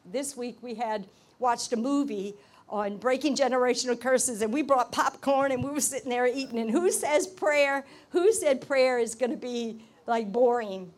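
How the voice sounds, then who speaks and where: A woman's voice: a little high, normal speed. A woman, the lead intercessor, casually introducing the next speaker at a church gathering in a chatty, loose way.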